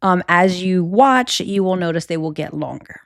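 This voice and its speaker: Cajun woman host, young, candid rambling chat, lowish voice, dead-dry booth sound. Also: lively intonation, normal speed, vocal fry, dry recording. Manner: candid and chatty, frequent fillers and restarts. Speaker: podcast host. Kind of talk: solo podcast chat.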